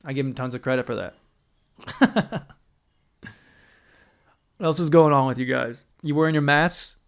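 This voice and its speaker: Young male podcast host, solo comedic rant, profane and animated, slightly high voice. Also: measured pace, gravelly.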